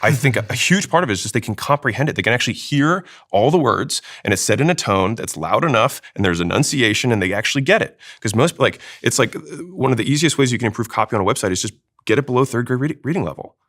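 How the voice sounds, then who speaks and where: A man explaining sales technique in a panel discussion, talking fast and emphatically. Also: mid-range voice, lively intonation, a bit bright. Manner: fast, emphatic teaching delivery. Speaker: sales expert guest.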